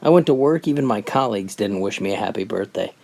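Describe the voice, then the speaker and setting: A joke teller reading jokes aloud in a brisk storytelling manner, often opening lines with "well". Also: mid-range voice, lively intonation, creaky, a little mellow.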